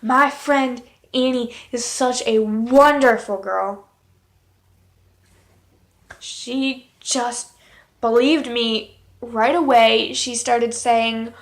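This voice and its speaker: A woman's voice: on the high side, fairly even intonation, drawn-out words, long pauses. A woman vlogger telling a personal story in a candid, exasperated way, with blunt swearing. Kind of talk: casual story time.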